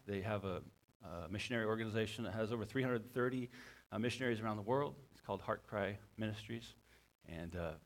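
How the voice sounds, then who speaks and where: Low-voiced pastor, halting sermon. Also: male voice. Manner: halting, repeats words.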